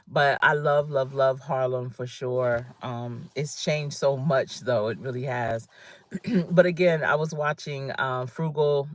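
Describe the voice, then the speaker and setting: A woman's voice: deep voice, dry recording. This is a middle-aged woman whose New Jersey accent still colors her easygoing speech. She chats loosely with her viewers, laughing often as she reads their comments. Her voice is captured close and dry, with no room sound around it. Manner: chatty and warm, laughing often, reading viewer comments aloud. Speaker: career coach. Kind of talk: casual livestream chat.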